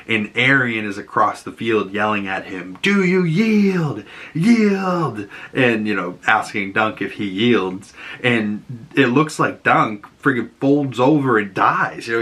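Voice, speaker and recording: Bright-voiced Boston man recapping casually. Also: mid-range voice. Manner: animated, acts out characters' lines, casual swearing. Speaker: podcast host.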